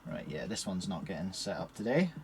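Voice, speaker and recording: A man's voice: low voice, big pitch swings, fairly quick, slight background noise. A man with a Scottish accent chatting casually on a live stream while setting up puzzle cubes in a shed. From Scotland. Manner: chatty, cheerful, talks while working with his hands.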